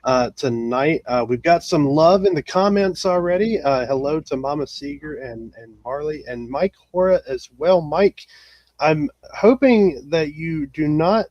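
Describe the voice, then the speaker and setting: A man's voice: fairly high pitch, animated, unhurried, a little mellow, no room sound, lo-fi sound. A man hosting a casual live racing talk show, with many fillers and restarts. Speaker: podcast host.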